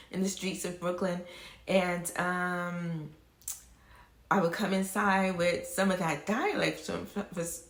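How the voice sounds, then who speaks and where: A woman's voice: on the low side, vocal fry, roomy sound. A woman from the United States, a beauty YouTuber, chatting casually to viewers in a rambling, digressive way. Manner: rambling and warm, with many restarts and digressions. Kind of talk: casual chat to viewers on a live stream.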